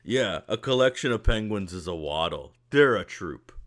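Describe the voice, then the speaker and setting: A man's voice: on the low side, animated, moderate pace, fairly bright tone. A man narrating as game master of a tabletop game, rambling with many fillers.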